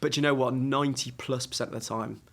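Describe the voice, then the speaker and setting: A man, a guest on a podcast, telling stories in an animated, laughing way. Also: mid-range voice, vocal fry. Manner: animated storyteller, quick, laughs often. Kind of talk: casual interview chat.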